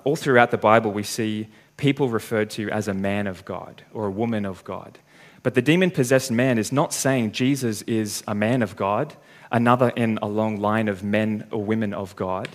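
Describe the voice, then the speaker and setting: A man's voice: fairly low pitch, normal speed. A man preaching a sermon, working through a passage step by step and reading the scripture aloud.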